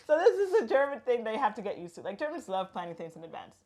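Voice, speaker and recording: A woman's voice: medium pitch, big pitch swings, brisk, long pauses, a little mellow. A woman in her thirties from Latin America, hosting a casual chat and telling stories with quoted dialogue and laughter. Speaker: host.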